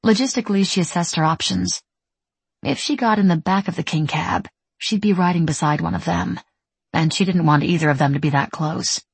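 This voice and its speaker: A woman narrating an audiobook in a steady, even storytelling manner. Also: lowish voice, a little fast, gravelly, slightly rough, no echo. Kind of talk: scripted narration.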